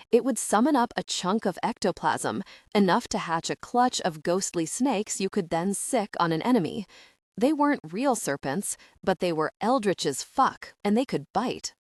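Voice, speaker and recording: A woman's voice: fairly low pitch, no echo, studio quality. A woman narrating a first-person audiobook in a wry, conversational way, with the occasional curse word.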